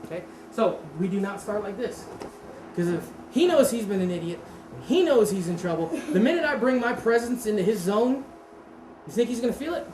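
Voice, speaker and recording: A woman's voice: medium pitch, a little fast. A woman teaching a martial arts seminar, talking casually, quizzing the class and correcting herself. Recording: roomy echo with steady background noise.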